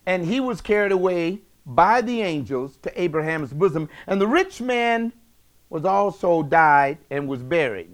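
A man preaching a sermon, emphatic and slangy, swinging between loud bursts and hushed asides. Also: fairly high pitch.

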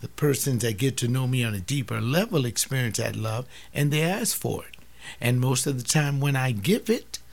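Brief: older male preacher, gravelly, impassioned, drops from loud appeals to near-whispers. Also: medium pitch, animated, normal speed. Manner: acts out family dialogues, swings from loud to hushed. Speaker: teacher giving a sermon-like talk.

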